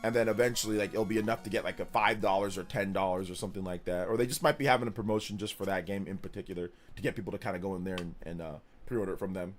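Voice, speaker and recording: A man's voice: deep voice, steady tone, rapid-fire, hardly any pauses, faint music behind. A man hosting a gaming livestream, talking loosely and rambling as he thanks viewers by name. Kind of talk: casual livestream chat.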